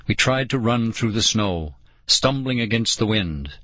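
A man narrating an audiobook in a slow, dramatic storytelling manner. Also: fairly low pitch, expressive, a bit bright, no echo.

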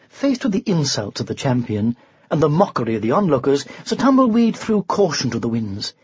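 A storyteller reading a children's storybook aloud with expressive, animated narration. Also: mid-range voice, brisk, husky, dry recording, highs cut off.

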